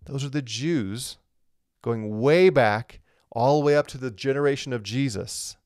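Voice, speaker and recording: A man leads a live-streamed Bible lesson in an easygoing, conversational way, reading viewer comments and answering them as he goes. His voice sits at an ordinary middle pitch. The sound is dry and close, with no room echo. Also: a little slow, darkish tone. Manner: conversational, reads comments aloud, chuckles. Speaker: Bible teacher.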